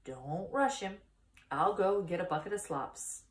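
A woman reading aloud as a middle-aged farmer in a storybook, steady and firm as he tells his hired man what to do. The voice sits fairly low and rings in an echoey room. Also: unhurried, close to an everyday voice. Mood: calm orders. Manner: firm, instructing. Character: middle-aged male farmer giving calm orders.

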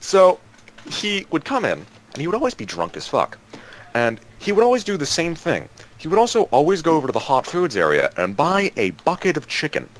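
A young man casually telling a work story to friends over voice chat, animated and acting out the people he quotes. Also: fairly high pitch, brisk. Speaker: storyteller among gaming friends.

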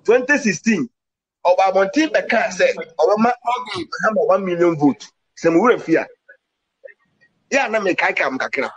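A man's voice: high-pitched, lively intonation, moderate pace, dull audio. A man giving an impassioned political commentary, emphatic, with English words mixed into his talk.

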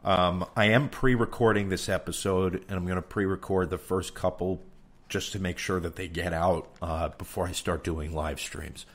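Deep-voiced new york guy just talking it out on his podcast, blunt and rambly, swears plenty. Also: steady tone, normal speed. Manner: frank and rambling, with frequent cursing. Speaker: podcast host. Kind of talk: candid casual monologue.

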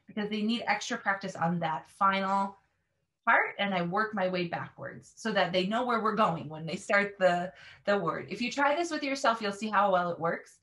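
Casting: earnest woman teacher, emphatic explainer, mid-pitched. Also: normal speed, fairly bright tone. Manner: earnest, emphatic, models repeated words. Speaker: language teacher.

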